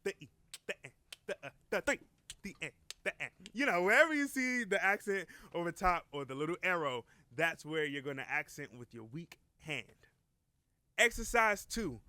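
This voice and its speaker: A man talks through a drum lesson in an easygoing, encouraging way, counting beats out loud. His voice is bright and crisp, sitting a little high. The sound is close and dry, with no room around it. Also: dry recording. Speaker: drum teacher. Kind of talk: casual instructional talk.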